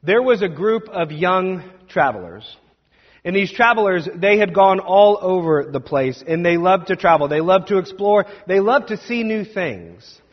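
A man preaching and telling a story dramatically, swinging between loud and hushed. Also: high voice, lively intonation, a little slow. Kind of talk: sermon storytelling. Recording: dull sound with long hall reverb.

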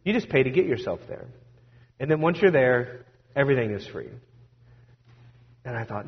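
A male pastor delivering a casual, story-driven sermon, mixing asides and quoted conversations. His voice is mid-pitched and carries a long reverb tail from a large church space. The recording sounds a bit dull and muffled. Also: lively intonation, moderate pace, long pauses.

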